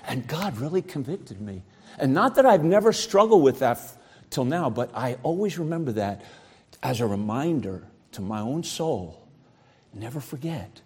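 A male pastor preaching a sermon, swinging from loud outbursts to quiet asides. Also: mid-range voice, slightly rough.

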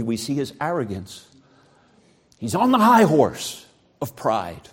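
A male pastor preaching a sermon, swinging from loud outbursts to quiet asides. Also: high-pitched, slightly rough.

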